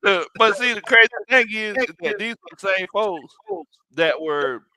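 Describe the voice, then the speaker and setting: A man hosting a casual sports chat, animated and quick to laugh. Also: high-pitched, crowd noise. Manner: laughs often, animated and teasing. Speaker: sports podcast host.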